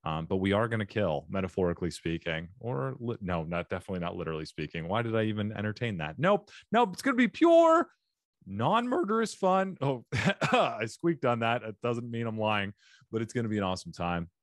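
A man's voice: fairly low pitch, fast talker, no room sound, clean studio sound. A man hosting a comedy podcast, joking and rambling and correcting himself in casual chat. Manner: jokey, rambling, self-correcting. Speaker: podcast host.

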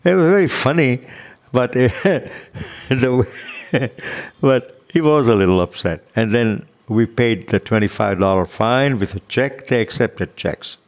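An older man telling a personal story casually, unhurried and chuckling, acting out the dialogue. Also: medium pitch, lively intonation.

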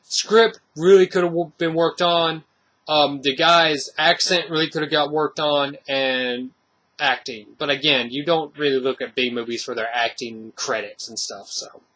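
Man, casual movie review, rambling with fillers, fairly high voice, bright. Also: steady tone, a little slow. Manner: rambling, many fillers and restarts.

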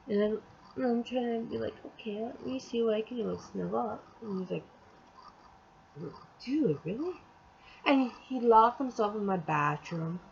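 A woman's voice: mid-range voice, creaky, darkish tone, highs cut off, slight background noise. A young adult woman telling a storytime vlog in casual chat, rambling and exasperated, acting out the quotes as she goes. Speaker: vlogger.

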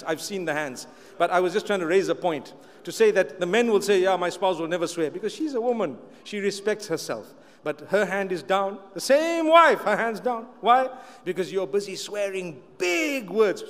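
A man with a very high voice for his sex preaches to a gathered audience, driving his points home by repeating them and slipping in wry asides. His words ring out with a long reverb, as if from a large hall. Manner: emphatic, repeats key phrases, light humorous asides. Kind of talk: sermon to a live audience.

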